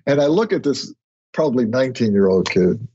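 Man, podcast guest, chatty storyteller, raspy, muffled lo-fi sound. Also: medium pitch, brisk. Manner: storytelling, animated when quoting others. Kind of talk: conversational interview. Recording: husky voice, dull lo-fi audio.

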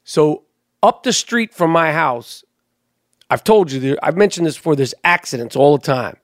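This podcast host has a voice on the high side, expressive and at normal speed, captured in studio quality with no echo. He tells stories in a casual chat that turns heated and profane.

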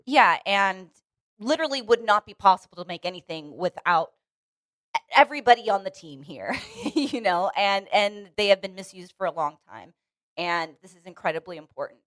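A woman's voice: mid-range voice, animated, moderate pace, a bit bright, no echo. A woman co-hosting a casual podcast chat, earnest and opinionated, restarting her sentences often. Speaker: podcast co-host. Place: Los Angeles.

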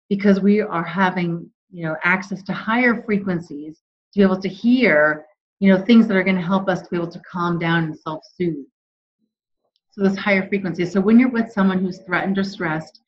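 A woman calmly and earnestly explaining ideas as a guest in an interview. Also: medium pitch, muffled recording. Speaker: guest expert. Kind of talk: conversational interview.

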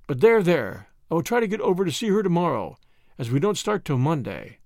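A man's voice: fairly high pitch, sing-song, a little fast, a little mellow, dry recording, clean studio sound. A man voicing a stern older Boer commandant who speaks in a firm, authoritative way. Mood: troubled.

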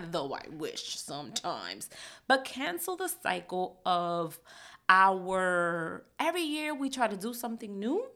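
Chatty woman a gravelly edge. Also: medium pitch, bright, forceful tone. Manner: chatty, self-mocking, laughs often, tag "right?" questions; acts out inner voices in quick asides and whispers. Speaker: podcast host. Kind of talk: casual monologue.

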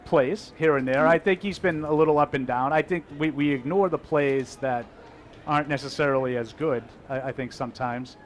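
A man's voice: fairly high pitch, normal speed. A man co-hosting a live show, making dry, wisecracking remarks on the plays. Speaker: podcast co-host. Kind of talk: live practice commentary. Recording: faint background noise.

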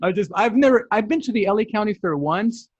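A man guest-hosting a podcast, joking around in a casual, animated way. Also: sits high, a little fast, dull audio, a crowd in the background. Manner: animated, jokey, puts on funny voices. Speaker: guest co-host.

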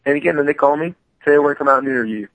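A man on a podcast as a guest, telling stories about his work in a lively, animated way, full of stammered restarts. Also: on the high side, racing, no room sound, rough recording. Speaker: podcast guest, comic artist. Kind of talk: casual storytelling.

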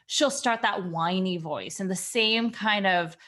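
A woman's voice: mid-range voice, unhurried, pushed and bright. A mother candidly asking for advice, talking in a rambling way with many "like"s. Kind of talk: casual chat.

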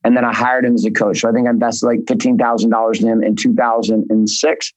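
A man in an interview, talking in a blunt, rambling way and letting swear words slip. His voice sits at an ordinary middle pitch. It is recorded close and dry, with no room sound. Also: level tone, fast, no echo, poor audio. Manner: blunt, profane, rambling storytelling. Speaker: guest, business coach. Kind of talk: candid interview talk.

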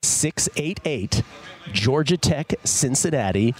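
A man hosting a sports betting show, talking casually and slowly repeating numbers for his listeners. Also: medium pitch, animated. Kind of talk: casual radio show talk. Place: broadcast studio at a casino bar.

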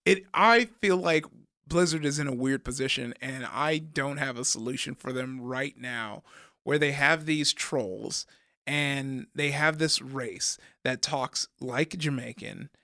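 A young man co-hosting a casual gaming chat, animated and laughing often, with many stumbling restarts. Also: on the high side, slow pace, no echo, clean studio sound. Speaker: podcast co-host.

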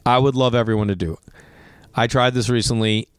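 A man's voice: medium pitch, fairly even intonation, brisk, smooth, dry recording, clean studio sound. A man with a Boston accent, a comedian and podcast host, telling rambling, profane stories full of fillers in a garage. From Massachusetts. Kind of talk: casual storytelling.

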